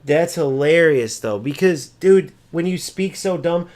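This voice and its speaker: A man's voice: measured pace, few pauses, darkish tone. A man streaming a football video game, ranting at chat and mocking opponents, swearing freely. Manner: mimics opponents in a high sneering voice. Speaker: gaming streamer. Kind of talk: live gameplay commentary and chat.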